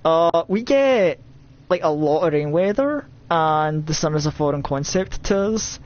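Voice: medium pitch, lively intonation, unhurried, a little mellow, highs cut off. A game streamer with a Scottish accent, from Scotland, giving rambling, self-mocking live commentary with nervous outbursts.

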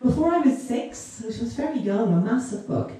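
A woman giving a warm, emotional launch speech to a crowd, laughing often and poking fun at herself. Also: a little high, lively intonation, normal speed. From Ireland. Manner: laughing, self-deprecating, fond of asides. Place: large hall in a castle. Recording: very echoey hall, voice far from the mic, crowd in the background.

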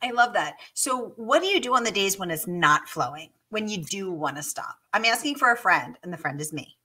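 A woman with a crisp, sharp tone hosts a live online interview. She is playful and enthusiastic and keeps the chat moving on a video call. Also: mid-range voice, expressive, a little fast, rough recording. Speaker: host.

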